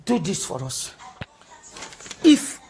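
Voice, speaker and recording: A woman's voice: fairly low pitch, big pitch swings, slow, warm tone, a little hiss or hum. A woman with a Nigerian accent making an emotional, pleading appeal, repeating her entreaties and now and then slipping into a sung chant.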